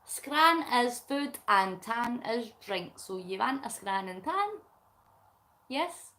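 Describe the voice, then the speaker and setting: Hosting a relaxed livestream, a middle-aged Scottish woman does crafts while chatting, giggling, and reading out viewer comments. She speaks slowly in a highish voice that sounds pushed and bright, with lively intonation.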